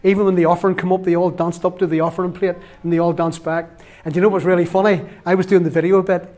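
A man's voice: high voice, flat delivery, fast, darkish tone. A middle-aged man from Northern Ireland with a Northern Irish accent, preaching a sermon through chatty, repetitive anecdotes and closing in prayer. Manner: chatty, laughing anecdotes, repeats himself. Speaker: lay preacher. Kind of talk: storytelling sermon.

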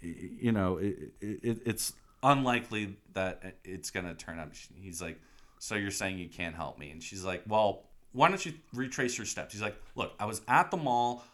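A man in casual chat, retelling a film with quick acted-out voices and frequent laughs. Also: fairly low pitch, animated, a bit bright. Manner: acts out scenes in quick voices, laughs often. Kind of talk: casual movie recap chat.

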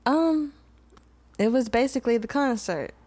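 Relaxed woman co-hosting a podcast, filler-laden. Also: fairly high pitch, measured pace. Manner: relaxed, hesitant with many fillers. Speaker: podcast co-host. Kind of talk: casual chat.

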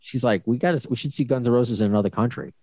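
A man's voice: mid-range voice, quick pace, darkish tone, dry recording. A man hosting a podcast, easygoing and self-deprecating in casual chat. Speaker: podcast host.

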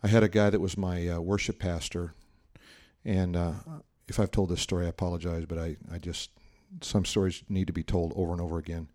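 A middle-aged man gives a sermon in a relaxed, chatty way. His voice sits somewhat low, and he slips into the voices of the people in his stories as he tells them. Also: brisk. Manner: conversational storytelling, acts out quoted voices. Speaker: pastor.

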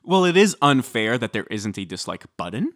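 Measured man explaining with dry wit. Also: medium pitch, very animated, fairly bright tone, no echo. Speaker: podcast co-host. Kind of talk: casual celebrity gossip chat.

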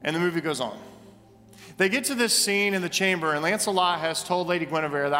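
A male pastor preaching a sermon in a church, telling stories with animated, emphatic repetition. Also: on the high side, fast talker, long reverb tail. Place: church sanctuary.

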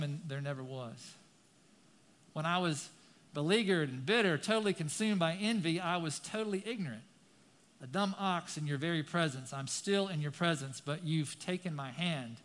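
A man preaching a sermon, reading scripture dramatically and turning to the congregation with casual asides. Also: a little high. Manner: dramatic scripture reading, rising loud on key lines. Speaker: pastor.

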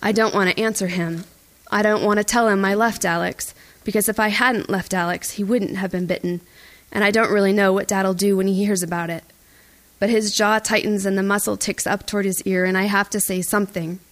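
A woman reading a first-person audiobook in a tense, even storytelling voice. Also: mid-range voice, fairly quick. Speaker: audiobook narrator. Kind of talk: first-person scripted narration.

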